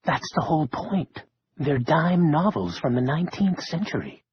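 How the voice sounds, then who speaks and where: A man's voice: on the high side, sing-song, normal speed, husky, no room sound, lo-fi sound, heavily acted. A man reading an audiobook, voicing an eager, slightly awkward male librarian with a chatty manner.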